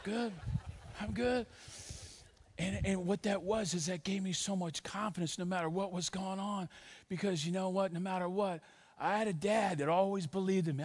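High-voiced man preaching with fire. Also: no room sound. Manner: energetic preaching with call-and-response; rhythmic, rhyming, playful. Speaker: pastor. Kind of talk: sermon. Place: large church.

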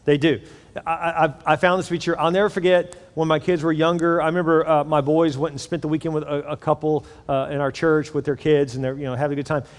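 A middle-aged male pastor delivering a sermon, telling animated stories and then dropping to a soft prayerful voice. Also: a little high, fast talker. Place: large church auditorium. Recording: long church hall reverb with faint music.

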